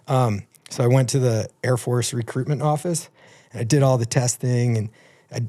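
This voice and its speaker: A man's voice: medium pitch, steady tone, normal speed, warm tone. A man in his fifties telling rambling, profane anecdotes as a guest in a casual podcast chat. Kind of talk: casual storytelling.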